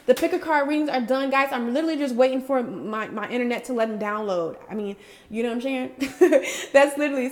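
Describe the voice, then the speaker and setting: A woman vlogger giving a casual, bubbly spiritual pep talk to her viewers, slangy and affectionate, laughing often. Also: a little high. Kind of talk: casual motivational talk to camera.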